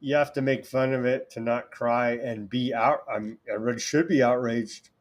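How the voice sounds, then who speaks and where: A man's voice: medium pitch, steady tone, moderate pace. Sarcastic, indignant man hosting a talk show. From California. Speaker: host. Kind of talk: political talk show commentary.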